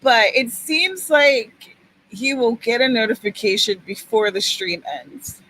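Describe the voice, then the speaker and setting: A woman's voice: on the high side, expressive, unhurried, pushed and bright, a little hiss or hum, low-quality recording. A woman hosting a writing-sprint livestream in casual chat, upbeat and cheering viewers on by name.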